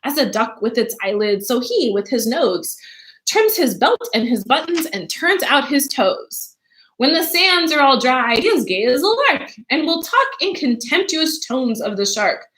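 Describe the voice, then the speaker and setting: Young girl reciting in a sing-song way, read by a woman with a bright, lively voice. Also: high voice, measured pace, full character voice, low-quality recording.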